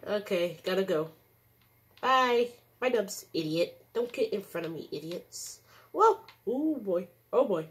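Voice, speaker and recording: Hyper gamer girl doing let's play commentary, squeals and yells, voice jumps all over, slow drawn-out talk. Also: mid-range voice. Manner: excitable, yelling taunts and squeals. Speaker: gaming streamer. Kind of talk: casual gameplay commentary.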